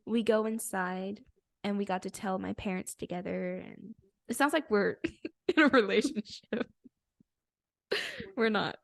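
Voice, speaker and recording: A woman's voice: mid-range voice, creaky, darkish tone, dry recording, clean studio sound. A young woman co-hosting a podcast, telling a story in casual chat, bubbly and laughing often. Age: young adult. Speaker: podcast co-host.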